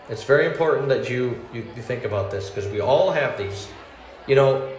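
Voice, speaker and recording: A man doing a stand-up comedy monologue, rambling with fillers and restarts, laughing at his own jokes and acting out customer voices. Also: medium pitch. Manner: acts out angry and sweet customer voices. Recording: roomy ambience with faint noise.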